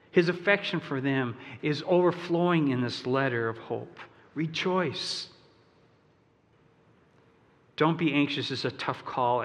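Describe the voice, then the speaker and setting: A male pastor preaching a sermon, talking in a loose, conversational way with fillers and asides, and leading his congregation in song. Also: a little high. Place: church sanctuary. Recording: long church reverb.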